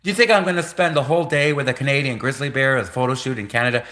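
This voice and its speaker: A man's voice: mid-range voice, rapid-fire, pushed and bright, echoey room, close to an everyday voice. A man putting on a brash, dismissive older politician in a mocking, exasperated tone. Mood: scoffing.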